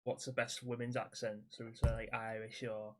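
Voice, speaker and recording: A man's voice: mid-range voice, level tone, moderate pace. A man co-hosting a casual podcast, chipping in with short remarks and banter. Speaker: podcast co-host. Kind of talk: casual chat.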